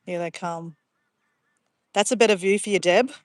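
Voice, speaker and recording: A woman's voice: mid-range voice, normal speed, no room sound. An Australian woman chatting casually to livestream viewers outdoors by a pond, easily sidetracked and calling her viewers guys. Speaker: livestream vlogger.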